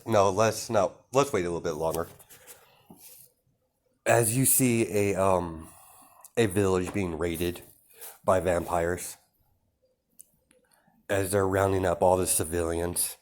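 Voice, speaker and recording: A man's voice: low voice, steady tone, slow pace, long pauses. A young man improvising a fan-fiction story, rambling with many fillers and self-corrections.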